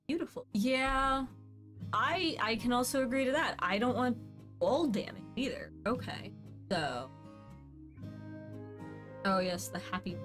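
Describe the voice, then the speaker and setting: A woman in her thirties streaming a building game, chatting casually and thinking aloud with playful asides. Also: a little high. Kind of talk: casual gameplay commentary.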